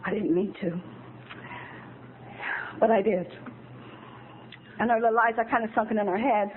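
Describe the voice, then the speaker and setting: A woman in her fifties speaks at an AA meeting, giving a candid and emotional recovery talk. Her voice sits in the mid range with fairly even intonation and a moderate pace. The old tape sounds tinny and phone-like, with a faint hiss.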